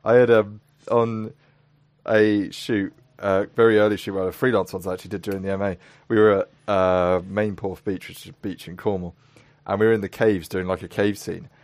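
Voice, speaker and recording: Male host in his twenties, low voice, dry close sound, lively storyteller. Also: fairly quick, no room sound. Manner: animated storyteller, acts out voices, laughs often. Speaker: podcast host. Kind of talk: casual chat.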